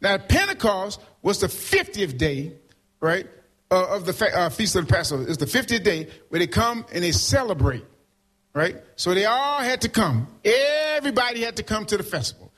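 Husky high-voiced male preacher. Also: normal speed. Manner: call-and-response, keeps asking "right?"; animated, swings between loud and soft. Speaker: pastor. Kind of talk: preaching a sermon.

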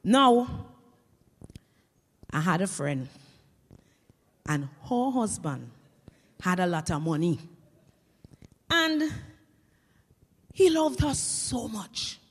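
A woman's voice: mid-range voice, very slow, pauses often, slightly rough. Woman telling comic stories. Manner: lively creole storytelling, acts out scenes. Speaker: storyteller. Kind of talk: comic storytelling. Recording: reverberant hall.

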